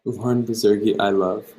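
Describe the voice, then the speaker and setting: A man's voice: on the low side, fairly even intonation, normal speed, dark tone, rough recording. Easygoing young man. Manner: easygoing, thinks aloud while answering. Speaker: travel vlogger host. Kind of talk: live-stream viewer Q&A.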